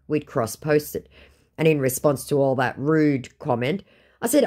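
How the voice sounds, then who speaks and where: A woman telling the story of baiting a scammer, with sardonic, deadpan asides. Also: deep voice, normal speed. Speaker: scam baiter recounting a chat. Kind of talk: storytelling vlog narration.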